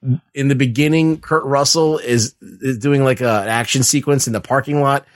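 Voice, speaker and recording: Man, medium pitch, dry sound, halting with fillers, casual podcast chat. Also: fairly even intonation, no echo. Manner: halting, lots of "like" and "uh", laughs. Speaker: podcast co-host.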